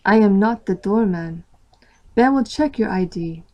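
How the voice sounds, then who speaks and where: A woman voicing a mysterious, charming young man with a deep, old-fashioned way of talking, in a storybook reading. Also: expressive, unhurried, highs cut off, close to an everyday voice. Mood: calm. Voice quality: deep archaic voice.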